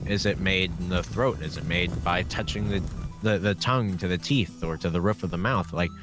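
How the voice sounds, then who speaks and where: A man's voice: deep voice, moderate pace. A man casually explaining things and laughing easily as co-host of a game playthrough. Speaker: let's play co-host. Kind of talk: casual gaming commentary. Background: game music.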